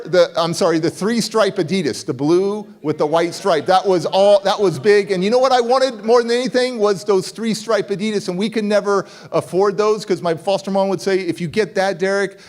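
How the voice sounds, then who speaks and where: A middle-aged man giving a motivational speech and telling a story from his youth in an animated way, acting out the voices of the people in it. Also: high voice. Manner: animated, acts out voices in dialogue. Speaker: motivational speaker.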